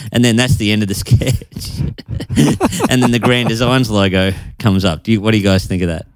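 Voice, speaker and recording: A man co-hosting a comedy podcast over a video call, rambling and stammering as he pitches a joke, often laughing at himself. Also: moderate pace, no room sound, studio quality. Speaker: podcast co-host. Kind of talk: casual comedy chat.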